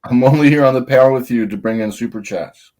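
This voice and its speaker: A man's voice: medium pitch, fast, a little mellow. A man co-hosting a livestream panel, chatting casually with dry jokes. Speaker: panel co-host. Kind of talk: casual chat.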